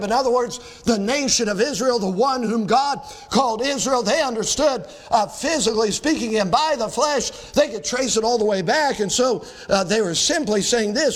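Pastor guy preaching, kinda high voice, punchy, slows way down on the verses. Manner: emphatic preaching, slows and drops for scripture. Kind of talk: sermon.

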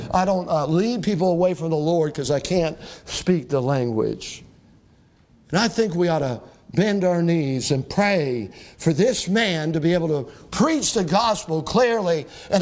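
A man with a higher-than-usual voice delivers a Sunday sermon. He preaches earnestly, dragging out key words for emphasis and reading scripture aloud to his congregation. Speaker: pastor.

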